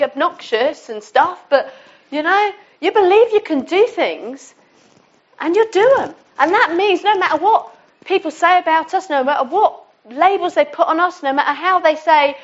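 High-voiced woman preaching informally. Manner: warm, conversational, with restarts. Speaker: church speaker. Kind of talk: informal sermon. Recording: dull lo-fi sound.

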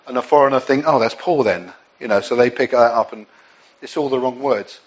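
A man's voice: mid-range voice, steady tone, fairly quick, muffled recording. An English man preaching a sermon in a conversational way, with frequent restarts and asides. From England.

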